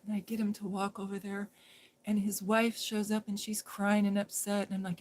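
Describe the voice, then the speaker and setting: A woman live streaming, telling a story casually in a rambling way that drops into hushed whispers. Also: mid-range voice, little pitch movement, normal speed.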